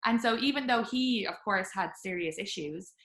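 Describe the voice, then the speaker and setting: A woman hosting a podcast, telling candid stories in a chatty, animated way with lots of fillers. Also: mid-range voice, normal speed, reverberant. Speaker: podcast host. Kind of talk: candid conversational storytelling.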